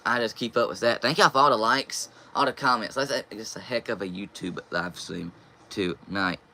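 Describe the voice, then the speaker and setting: A man's voice: lowish voice, normal speed, bright, forceful tone. A young man hosting a casual live stream, reading viewer comments aloud and answering them.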